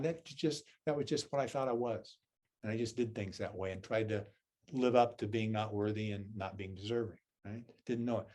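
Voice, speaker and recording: A man's voice: medium pitch, a little mellow. A man with a Southern US accent, a Zen teacher giving a dharma talk. He tells a self-deprecating personal story and keeps checking in with listeners with "right?" and "okay?".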